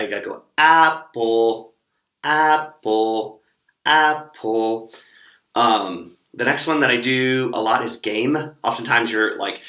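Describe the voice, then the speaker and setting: A man's voice: fairly low pitch, roomy sound. A young man casually sharing tips for teaching online classes, with lots of ums and demonstrated words. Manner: relaxed, lots of fillers, demonstrates words with gestures.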